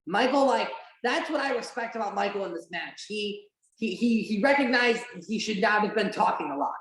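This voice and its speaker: During a watch-along, this podcast host keeps things casual and lively, her medium-pitched voice animated at a moderate pace. Plenty of "like" fillers and an occasional swear come through, with a roomy echo on the recording.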